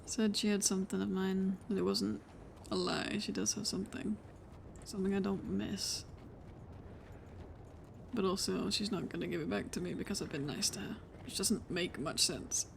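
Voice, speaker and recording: A woman's voice: medium pitch, fairly even intonation, normal speed, gravelly, slight background noise. A woman streamer chatting in character during an online roleplay game, laughing often and swearing freely.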